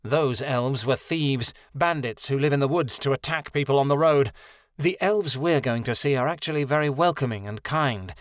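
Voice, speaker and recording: A proud, sharp-tongued griffin, a she-creature who talks curtly in a low, even voice, as a man reads her. It is a fantasy audiobook, recorded dry and close. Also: moderate pace, no echo, lightly acted. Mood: curt, gruff.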